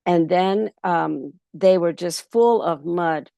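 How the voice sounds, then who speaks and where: A woman storyteller at a festival workshop who tells a folk tale in an easy, rambling way, with many pauses. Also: fairly low pitch, creaky, dry recording. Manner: relaxed, many ums and restarts.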